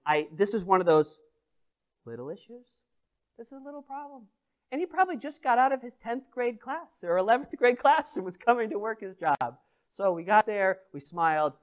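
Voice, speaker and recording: A man serving as pastor preaches a sermon, telling a story and asking the congregation questions. He is animated and speaks to them directly, at a moderate pace in a voice that sits high.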